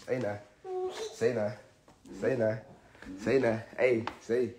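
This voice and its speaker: A man's voice: mid-range voice, flat delivery, takes it slowly. A young man and father, chatting casually on a vlog while he films his toddler, laughing and teasing in a loose, profane way. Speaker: vlogger and father. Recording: noisy home video.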